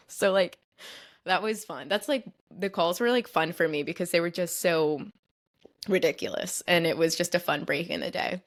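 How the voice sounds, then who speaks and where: A woman's voice: on the low side, fairly quick. A young adult woman hosting a podcast, telling a story in a casual, chatty way and filling her speech with "like". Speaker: podcast host.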